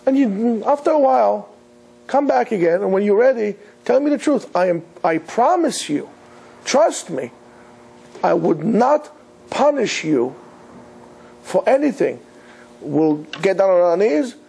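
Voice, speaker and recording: Rabbi guy teaching torah, high raspy voice, mellow tone, earnest and emphatic. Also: animated, a little slow, pauses often. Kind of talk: Torah lecture.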